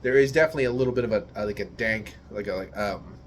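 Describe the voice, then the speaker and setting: A man's voice: lowish voice, quick pace, slight background noise. A man from the United States giving a casual, rambling beer tasting review, searching for words and swearing now and then.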